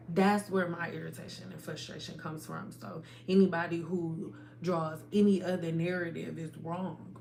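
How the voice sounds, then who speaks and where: A woman hosting a hair care livestream from home, talking to her viewers in a casual, animated and emphatic way. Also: fairly low pitch, moderate pace, slight background noise.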